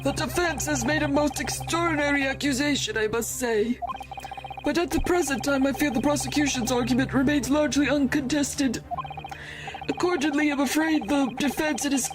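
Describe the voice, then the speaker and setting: A woman's voice: high-pitched, over music, voice pushed up, close to an everyday voice. Woman doing an old feeble judge. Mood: solemn. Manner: slow, stately courtroom speech. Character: old feeble male judge, formal and solemn.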